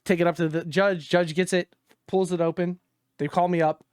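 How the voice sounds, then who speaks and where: A man co-hosting a gaming podcast, telling a story in casual chat, exasperated and profane, dropping low when he quotes others. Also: little pitch movement, normal speed, clean tone, no room sound, studio quality.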